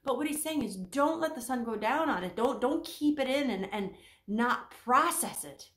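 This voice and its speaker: A woman teaching as a Christian counselor, animated and acting out the people she quotes. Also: normal speed, echoey room. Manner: animated, acts out quoted speakers with pitch jumps. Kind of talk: teaching talk on faith and emotions.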